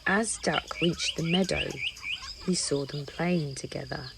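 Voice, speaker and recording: A woman reading a children's picture book aloud in an expressive storytelling voice. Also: deep voice, measured pace, creaky, heavy background noise. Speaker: storybook reader.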